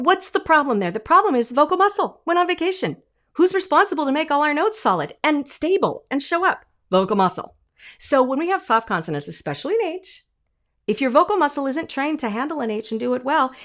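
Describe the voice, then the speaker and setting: A woman vocal coach teaching an online singing lesson, demonstrating sounds and acting out little voices. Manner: animated, demonstrates sounds and sung notes; acts out imagined voices with leaps in pitch.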